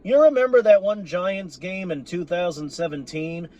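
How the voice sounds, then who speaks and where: A man's voice: sits high, moderate pace, mellow. A man venting in a profane, exasperated monologue about his team, sarcastic and repeating himself for emphasis. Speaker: sports fan vlogger.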